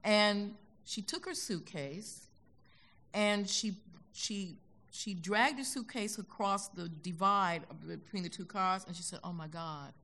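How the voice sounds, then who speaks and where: Older american woman, gravelly low voice, bright forceful tone, animated storyteller on a stage. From United States. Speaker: guest. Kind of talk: onstage conversation. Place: concert hall stage.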